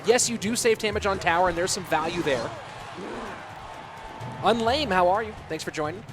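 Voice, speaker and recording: Casting a game live with music playing behind him, an American esports commentator chats with viewers and answers their messages between plays. His voice sits high, and he keeps a moderate pace.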